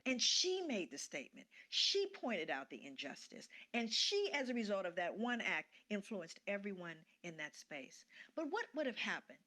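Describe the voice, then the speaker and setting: A middle-aged woman telling a personal story in an animated way, acting out the people in it. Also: mid-range voice, normal speed, hardly any pauses. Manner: animated, acts out quoted voices, laughs between lines. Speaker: guest speaker sharing a personal story. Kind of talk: storytelling talk.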